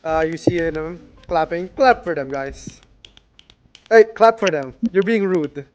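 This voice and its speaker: A man's voice: a little high, muffled recording, soft background music. A man narrating as game master, easygoing, with lots of fillers. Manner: unhurried, with fillers.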